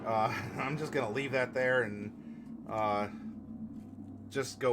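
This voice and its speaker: A man hosting a casual live stream and answering viewer comments, playful and fond of puns, turning gentle and consoling when a viewer is sad. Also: medium pitch, steady tone, takes it slowly, noisy background. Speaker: streamer hosting a tabletop game channel. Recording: music playing clearly behind the voice.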